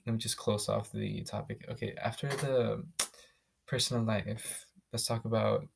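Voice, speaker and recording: A young man from the Philippines hosting a podcast, telling his own story in a casual, candid, profane way with quick restarts. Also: fairly low pitch, steady tone, vocal fry, background noise. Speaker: podcast host.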